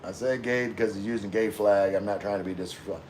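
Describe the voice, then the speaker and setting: A man's voice: fairly low pitch, steady tone, quick pace, darkish tone, a little hiss or hum. A middle-aged man hosting a casual livestream, answering viewer comments in a laid-back way with lots of fillers. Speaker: livestream host reading chat.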